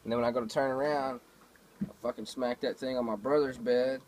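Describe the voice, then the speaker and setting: A laid-back man rambles to his camera at home, trading everyday stories peppered with fillers and swearing. His voice sits at a middling pitch, with a faint hum underneath. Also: fairly even intonation, brisk, a little mellow, poor audio. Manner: laid-back, profane, storytelling with many fillers. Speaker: vlogger. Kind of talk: casual rambling monologue. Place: home, indoors.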